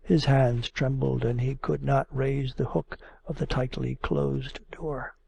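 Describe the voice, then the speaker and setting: Gravelly, husky male audiobook narrator. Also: mid-range voice, flat delivery, slow, warm tone. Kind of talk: classic literature audiobook narration.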